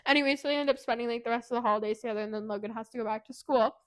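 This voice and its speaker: A woman podcast co-host casually recapping a novel's plot, animated and giggly, acting out the characters' lines in a higher voice. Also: rapid-fire. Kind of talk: casual book recap chat.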